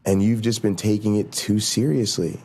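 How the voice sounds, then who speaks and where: A fired-up man hosting his own show, venting at length in a lowish voice. He circles back, repeats himself for emphasis, and stumbles through restarts as he gets heated. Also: fairly even intonation, normal speed, darkish tone, a little hiss or hum. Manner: heated, repetitive, talks in restarts and mock quotes. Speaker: show host. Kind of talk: ranting casual talk show monologue.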